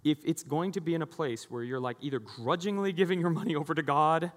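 A man's voice: on the high side, quick pace. A middle-aged man preaching a sermon as pastor, conversational and jokey, acting out the voices he quotes. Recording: long hall reverb.

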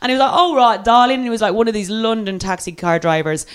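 Lively Irish woman telling a comic story. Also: mid-range voice, very fast, clean tone. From Ireland. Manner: lively and self-mocking, acts out quoted voices.

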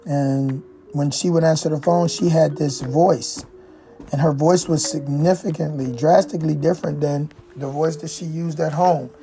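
A woman with a low voice tells a personal story in a loose, reflective way. She circles back often, leaning on "you know" and restarting her sentences, while faint music plays behind her. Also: steady tone, normal speed. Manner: rambling, with frequent "you know" fillers and restarts. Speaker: speaker sharing life story.

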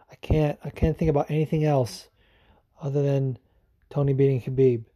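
A man hosting a podcast in casual, rambling chat, excitable and swearing freely. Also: mid-range voice, normal speed. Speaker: podcast host.

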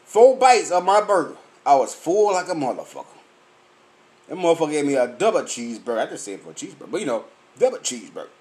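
A man's voice: fairly high pitch, sing-song, fast talker, a little mellow. A man, ranting angrily and profanely about food in a swaggering comic way. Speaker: vlogger. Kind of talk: profane rant.

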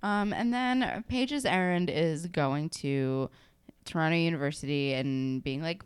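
A woman's voice: low-pitched, a little slow, smooth. A woman co-hosting a podcast, casually recapping an episode and voicing her blunt reactions. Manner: expressive, swears, voices her own reactions. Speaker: podcast co-host.

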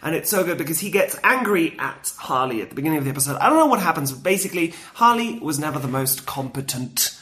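An enthusiastic podcast co-host chatting casually and rambling through fond memories, full of fillers and restarts. They talk freely, leaning on "like" as they go, and their pitch sits in the middle range. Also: lively intonation, quick pace, hardly any pauses, a bit bright. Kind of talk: casual chat.

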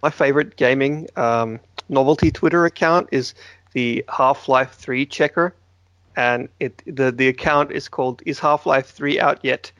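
A man's voice: medium pitch, measured pace, a bit bright, no room sound, muffled recording. A man co-hosting a gaming podcast in casual chat, playful and giggly, often stumbling over his words. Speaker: podcast co-host.

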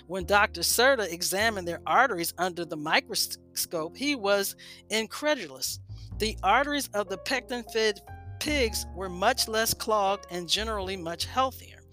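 A woman's voice: medium pitch, expressive, a little slow, fairly bright tone, soft background music. A woman hosting a health talk, reading an article aloud with frequent stumbles and self-corrections. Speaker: health podcast host.

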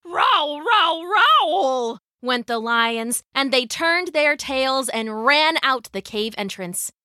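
Slow bright storytelling woman. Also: fairly high pitch, no echo. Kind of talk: scripted children's story narration.

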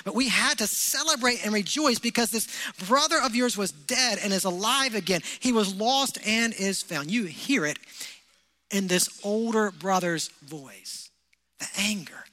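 A male pastor preaching with a very high, bright, forceful voice. He presses his points with rhetorical questions to the congregation. His voice rings out in a church hall with a long reverb. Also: expressive, moderate pace. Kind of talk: sermon.

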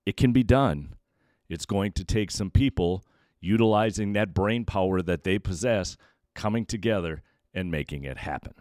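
A man's voice: deep voice, normal speed, a little mellow, no echo, studio quality. A man hosting a solo sports podcast, giving emphatic, opinionated commentary that sometimes stumbles over repeated words. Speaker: podcast host.

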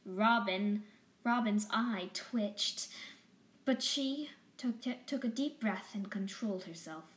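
A woman narrating a bedtime story slowly and gently, often dropping into whispers. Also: mid-range voice, echoey room.

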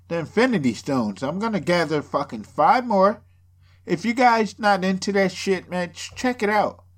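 A man from the area, rambling through a casual, profane podcast monologue full of jokes and sarcasm, sounding a bit drunk. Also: high voice. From Boston area. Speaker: podcast host.

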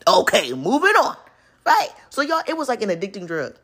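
A woman's voice: medium pitch, wildly swooping pitch, a little fast, fairly bright tone, husky. A woman in her twenties speaking to viewers in a casual, earnest faith talk, often addressing them as y'all. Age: 20s. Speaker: vlogger.

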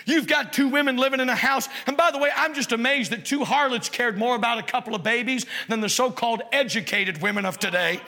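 A man pastor preaching a sermon in a church, impassioned and at times shouting. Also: extremely high pitch, fast talker, few pauses, big-room sound. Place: church sanctuary.

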